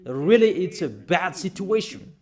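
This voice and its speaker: High-voiced man preaching emphatically. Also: sing-song, a little slow, a little mellow. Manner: emphatic, repetitive preaching, reads out verses. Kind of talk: sermon.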